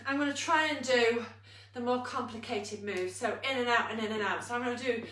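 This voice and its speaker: Woman fitness coach, high bright voice, slow and out of breath, roomy echo from a distance. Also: slight background noise. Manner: upbeat coaching, counting down, laughing at herself. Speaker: fitness instructor. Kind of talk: live online exercise class.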